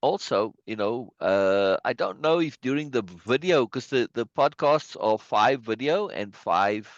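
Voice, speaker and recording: A man's voice: mid-range voice, animated, measured pace, no room sound. A man hosting a casual video-call chat, speaking emphatically and laughing often. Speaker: host. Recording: dull lo-fi video call audio.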